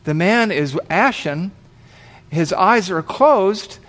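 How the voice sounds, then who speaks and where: A man's voice: sits high, animated, takes it slowly, fairly bright tone. A man preaching, telling a vivid story and acting out the voices of the people in it. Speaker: pastor. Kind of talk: sermon storytelling.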